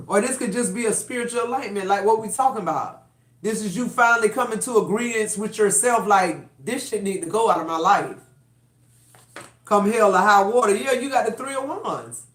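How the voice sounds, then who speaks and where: A woman's voice: fairly high pitch, fairly bright tone. Blunt, fired-up woman reading tarot. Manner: blunt, profane, fired-up and emphatic. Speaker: tarot reader. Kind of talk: live-stream tarot reading. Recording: roomy echo.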